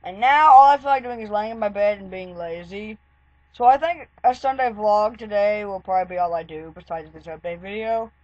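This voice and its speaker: A woman's voice: medium pitch, fairly quick, no room sound, highs cut off. A woman vlogger telling a story in a casual, rambling way, with lots of "like". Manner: chatty, rambling, full of "like" fillers.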